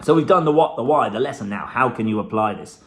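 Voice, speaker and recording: A man's voice: mid-range voice, animated, quick pace, background noise. A middle-aged man giving a blunt, profane motivational talk to camera, with the odd laugh. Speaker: self-help vlogger.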